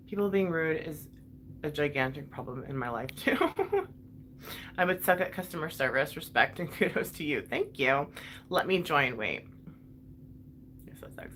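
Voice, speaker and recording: A woman with a somewhat low voice rants on a casual livestream. She is heated and swears freely, stumbling through fillers and restarts. She speaks straight back to the people watching, with a faint hiss of noise under her voice. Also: fairly bright tone. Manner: talks back to viewers directly. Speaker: livestream vlogger reading chat. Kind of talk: ranting casual livestream talk.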